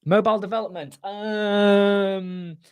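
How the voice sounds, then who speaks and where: A man hosting a casual live web chat about web design, talking in an animated way and repeating his points for emphasis. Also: high-pitched, slow, clear, resonant tone, dry recording. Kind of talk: casual live-stream chat answering viewers. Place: small home studio room with soundproof panels.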